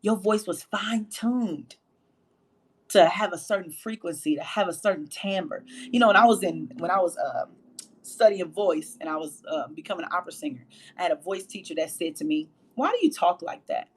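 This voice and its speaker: A woman with a low voice hosting a faith-based motivational livestream, emphatic and preachy, repeating phrases for emphasis. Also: normal speed, breathy edge. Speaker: host and motivational speaker.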